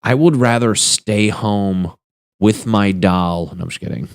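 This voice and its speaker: A young man with a low, deep voice riffs through a crude solo comedy rant, chuckling at his own lines. The sound is dry and close, with no room echo. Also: unhurried, creaky. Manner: crude, rambling, laughs at his own jokes. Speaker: podcast host.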